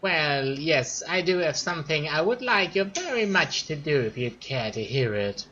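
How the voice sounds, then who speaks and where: A man voicing a smooth, sly older wizard lord in a fantasy game, speaking in a coaxing, ingratiating way. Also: on the high side, big pitch swings, moderate pace, sharp tone, lo-fi sound, a little hiss or hum, pitched above the performer's own voice.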